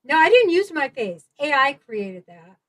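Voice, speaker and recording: A woman's voice: high voice, sing-song, moderate pace, a bit bright, no echo. A woman chatting casually on a livestream video call, laughing often through her words.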